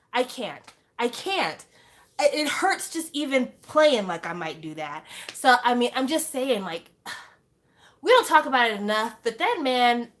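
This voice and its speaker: A young woman talking casually to camera as a fan, animated and exclaiming, full of rhetorical questions. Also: on the high side. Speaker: fan vlogger.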